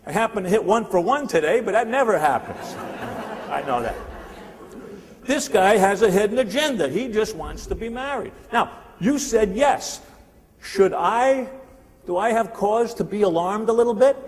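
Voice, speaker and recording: High-voiced man in his sixties, punchy. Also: animated, normal speed, background noise. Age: 60s. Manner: punchy, repetitive, crowd-teasing delivery. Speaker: sales trainer and motivational speaker. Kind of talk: live motivational seminar talk. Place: large hall with a live audience. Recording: long hall reverb.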